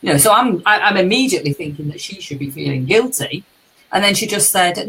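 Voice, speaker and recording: A woman's voice: medium pitch, fast, creaky, a bit bright, a little hiss or hum, poor audio. A British woman co-hosting a casual live chat, telling candid stories and swearing freely. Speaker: co-host, life coach.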